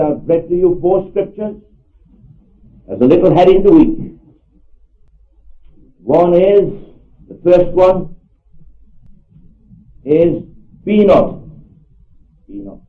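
Older male preacher, earnest, emphatic, high voice, tinny hall recording. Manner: earnest, emphatic, repeats phrases for stress. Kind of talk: sermon. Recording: echoey hall over a tinny phone-like line.

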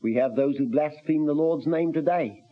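Earnest male preacher on old lo-fi radio. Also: fairly high pitch. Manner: measured, earnest, reads scripture aloud in old-fashioned wording. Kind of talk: sermon. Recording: dull lo-fi radio recording.

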